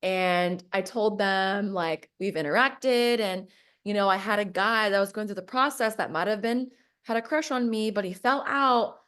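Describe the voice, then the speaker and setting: A woman's voice: medium pitch, normal speed, fairly bright tone, smooth. A woman telling a personal story in a casual podcast chat, reenacting conversations and laughing often.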